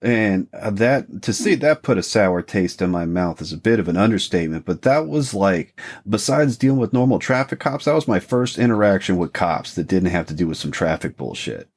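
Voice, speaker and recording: Podcast co-host, male, low register, laid-back and profane. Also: expressive, moderate pace, hardly any pauses, a little mellow. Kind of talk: casual chat.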